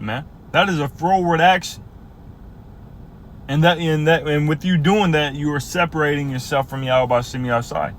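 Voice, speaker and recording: A man with a fairly high voice teaches scripture casually and earnestly. He speaks haltingly, restarting phrases and drawing out the verses he reads, with faint noise in the background. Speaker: bible teacher.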